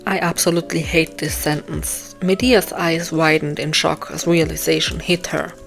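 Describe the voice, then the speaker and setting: Low-pitched woman, tired voice, lots of ums, thinking out loud about her book. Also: level tone, normal speed, gravelly, soft background music. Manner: rambling, self-deprecating, many ums and restarts. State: voice getting tired. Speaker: author writing a novel live. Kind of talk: casual thinking aloud while writing.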